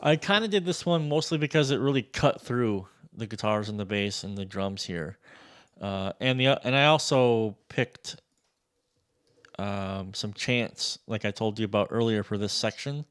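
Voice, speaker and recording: Excitable man with a smooth voice. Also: lowish voice, normal speed. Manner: excitable, casual, swears freely. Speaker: music producer reviewing a sample library. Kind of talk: casual demo walkthrough.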